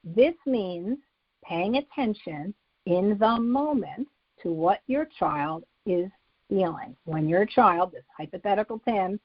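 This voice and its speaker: Woman, psychologist, step-by-step instructional talk, slightly husky, lo-fi recording. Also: medium pitch, expressive, slow, dry recording. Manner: methodical, walks through numbered steps. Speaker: psychologist explaining a method to parents.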